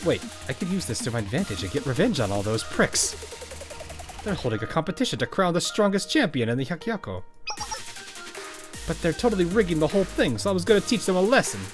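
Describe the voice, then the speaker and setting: A man putting on a hot-headed schoolgirl who lost and blames everyone, ranting in a game story. Her voice is raised and lively, bouncing up and down, with faint music behind. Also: on the high side, fast talker, pitched above the performer's own voice. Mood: scheming. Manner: loud, ranting, indignant. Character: hot-headed, sore-losing teenage girl.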